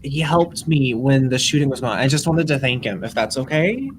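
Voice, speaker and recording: A man's voice: medium pitch, animated, a little fast, background noise, pitched above the performer's own voice, natural voice. A man voicing a sheepish, friendly young woman in a tabletop game, apologetic and hesitant, with stammers.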